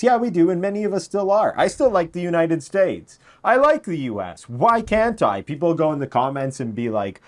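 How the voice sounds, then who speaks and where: A man's voice: a little high, moderate pace, few pauses. A man hosting a political commentary show, talking casually and sarcastically. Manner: sarcastic, animated, mocking voices.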